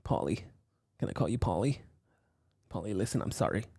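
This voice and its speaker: A smug, self-important businessman murmurs down at his crew, his voice dropped low and quiet with a gravelly edge, as a man puts him on. He lectures patronizingly and refers to himself in the third person. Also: expressive, brisk, no room sound, studio quality, full character voice. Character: smooth self-important male businessman, middle-aged.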